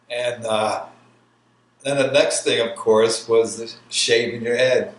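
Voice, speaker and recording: A man's voice: medium pitch, slow, long pauses, fairly bright tone. A man in his sixties from New York, an army veteran telling his life story in an oral history interview, rambling and laughing as he goes. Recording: roomy with faint background hiss.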